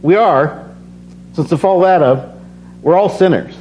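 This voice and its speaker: A man's voice: fairly high pitch, unhurried, a little mellow. A worn-out man giving a casual, earnest sermon, reading scripture and then telling personal stories, often repeating phrases as he builds. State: tired. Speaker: preacher. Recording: slightly dull recording with faint hum.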